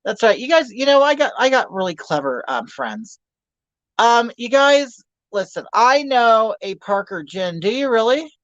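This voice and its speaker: A man's voice: very high voice, very animated, measured pace, a bit bright, dry recording, dull audio. Campy gossipy man in his fifties. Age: 50s. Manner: campy, gossipy, crude humor. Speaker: livestream host. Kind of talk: casual livestream chat reading viewer comments.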